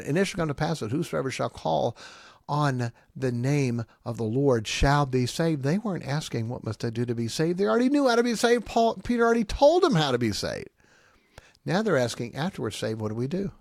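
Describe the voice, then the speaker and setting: A man's voice: on the high side, dry recording, studio quality. A man preaching a teaching sermon, explaining plainly with many fillers and asides, and rising sharply when he stresses a point. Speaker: Baptist pastor.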